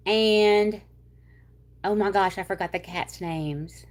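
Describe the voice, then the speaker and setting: A woman's voice: mid-range voice, lively intonation. A woman from Louisiana with a North Louisiana Southern accent, hosting a livestream and chatting casually with viewers in a rambling way. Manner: chatty, rambling, with y'all and drawn-out words. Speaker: livestream host. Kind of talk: casual chat reading viewer comments.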